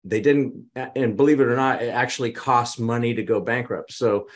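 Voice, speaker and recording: Male guest, mid-pitch, chatty storyteller who acts out quotes. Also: moderate pace. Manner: animated, dramatizes quotes. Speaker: business consultant guest. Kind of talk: conversational storytelling.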